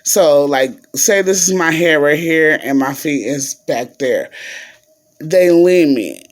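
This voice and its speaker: Slow-talking woman telling a story to viewers. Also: low-pitched, expressive. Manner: chatty, addresses viewers as y'all, many fillers. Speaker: vlogger.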